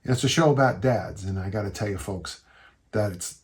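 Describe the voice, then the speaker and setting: A man's voice: fairly low pitch, fairly quick. An older man hosting a podcast and answering listener questions in a rambling, folksy storytelling way. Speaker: podcast host and strength coach. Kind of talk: casual listener Q&A chat.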